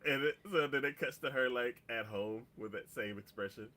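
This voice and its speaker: A man's voice: mid-range voice, normal speed, sharp tone. A man casually recapping an anime episode on a podcast, rambling with lots of "like" and "um" fillers. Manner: rambling, heavy on "like" and "um". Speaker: podcast co-host.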